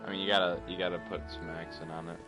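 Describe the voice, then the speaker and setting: A young man with a low voice tossing off joking, offhand commentary while he plays. Clear music runs under his voice. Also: level tone, very fast. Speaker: gamer. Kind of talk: casual gameplay commentary.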